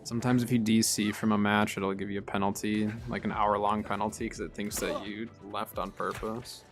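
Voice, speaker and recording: A young man streaming a game, calmly explaining tactics and getting excited in fights. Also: on the low side, brisk, music in the background. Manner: relaxed, explains tactics while playing, bursts of excitement in fights. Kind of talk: casual gameplay commentary.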